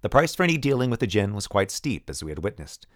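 A man narrating an audiobook in the first person, in an even storytelling manner. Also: on the low side, fast talker, no room sound, clean studio sound.

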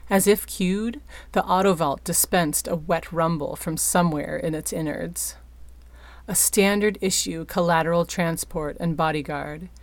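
Woman reading a story aloud, slow and lowish voice, dry close sound. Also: no echo. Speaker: narrator. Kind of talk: audiobook narration.

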